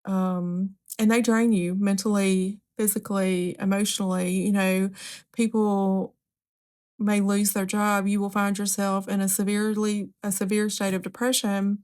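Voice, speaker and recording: A woman's voice: medium pitch, little pitch movement, unhurried, a little mellow. Woman podcast host, casual solo talk, candid and direct, mid-range voice, loose asides. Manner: candid, conversational, with frequent ums and asides.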